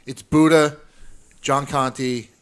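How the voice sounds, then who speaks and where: A man's voice: medium pitch, steady tone, clear, resonant tone. A man, co-hosting a casual podcast and telling profane backstage stories. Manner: quick profane anecdotes, laughing often. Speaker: comedian co-host.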